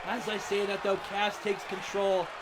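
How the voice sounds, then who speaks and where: A man doing biased, shouting play-by-play commentary at a wrestling show, swearing and cheering on his favorites. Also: high-pitched, completely flat delivery, moderate pace. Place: wrestling arena with live crowd. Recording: loud crowd and arena noise.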